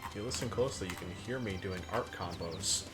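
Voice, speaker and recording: A fairly low-voiced man chatting on a game stream, blunt and quick to curse as he grinds combos. Game music plays clearly behind him. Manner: blunt, swears while practicing combos. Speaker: co-player on stream. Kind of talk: casual gameplay chat.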